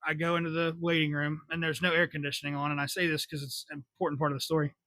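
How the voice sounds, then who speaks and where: A man's voice: a little high, little pitch movement, racing, pushed and bright, no echo. A man in his twenties telling a story on a podcast in a casual, blunt, wry way, swearing freely. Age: 20s. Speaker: podcast host.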